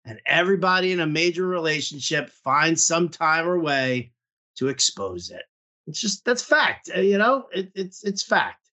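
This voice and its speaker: Co-host, high bright male voice, rambling casual chat with lots of fillers. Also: sing-song, moderate pace.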